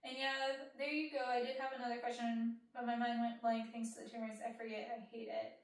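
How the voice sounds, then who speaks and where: A young woman hosting an ASMR channel talks softly, slipping in and out of a whisper as she answers viewer questions with plenty of fillers. Her voice sits a little high. The recording is very echoey, with the mic some way off from her. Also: level tone, a little fast, recorded from a distance. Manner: soft, partly whispered, chatty with many fillers. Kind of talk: soft-spoken Q&A chat.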